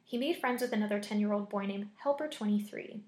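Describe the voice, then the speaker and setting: A woman reading a scary story aloud in a measured, deliberate way. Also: medium pitch, mellow. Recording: echoey room.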